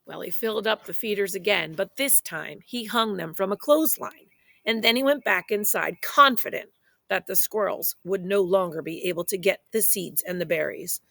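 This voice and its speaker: A woman reading a children's picture book aloud in a playful, expressive way, speaking straight to young listeners. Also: medium pitch, moderate pace, creaky, dry recording. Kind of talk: children's story read-aloud.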